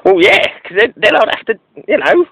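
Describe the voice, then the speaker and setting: A man's voice: very high-pitched, sing-song, creaky, fairly bright tone, slightly rough, dry recording, full character voice, low-quality recording. A man playing a bumbling, oblivious prank caller who stammers and restarts his sentences with a straight face. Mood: deadpan. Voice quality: halting, stammering delivery. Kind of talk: deadpan prank phone call.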